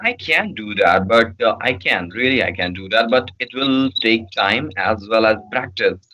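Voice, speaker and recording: A man's voice: lowish voice, animated, moderate pace, sharp tone, slight background noise, poor audio. Indian man, hesitant with fillers. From Bihar, India. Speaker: guest. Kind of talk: conversational interview answers.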